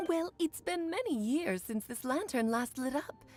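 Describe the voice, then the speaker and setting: Theatrical witch mentor, grand, coy, very lively pitch, faint music. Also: normal speed. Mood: storytelling. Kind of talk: game voice acting. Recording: game audio with faint music.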